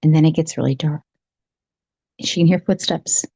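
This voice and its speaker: A woman's voice: sits low, normal speed, creaky, mellow, husky, dry recording, lo-fi sound. A woman podcast host telling a spooky story in a chatty, casual way, with lots of repeated phrases.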